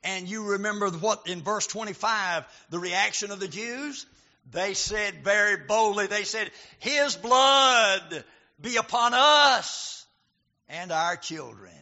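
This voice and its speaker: A male preacher giving a sermon, reading scripture and building to emphatic, shouted points. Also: high voice, a little slow. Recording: dull lo-fi recording.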